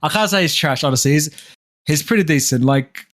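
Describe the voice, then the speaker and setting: A man's voice: a little high, fairly quick, fairly bright tone. A man co-hosting a podcast, brash and slangy, swearing a lot in casual chat. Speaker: podcast co-host.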